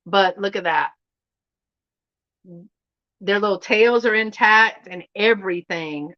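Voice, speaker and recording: A middle-aged woman from Louisiana with a Southern accent, chatting folksily as she hosts a live unboxing and often drops to a hushed voice. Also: mid-range voice, takes it slowly, long pauses, highs cut off. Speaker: channel host. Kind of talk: casual live unboxing chat. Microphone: live stream setup.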